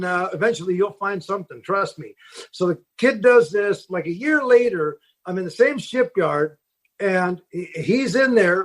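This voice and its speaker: Middle-aged man, captain, casual storyteller, rambling, a higher voice. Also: a bit bright. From Seattle. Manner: rambling, with many fillers and restarts. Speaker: fishing boat captain, guest. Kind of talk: casual storytelling in a podcast interview.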